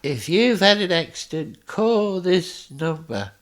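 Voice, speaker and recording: A man imitating a comic friend who teases him at his hospital bedside, pitching his voice high and gleeful. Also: big pitch swings, slow, heavily acted. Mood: gleeful teasing.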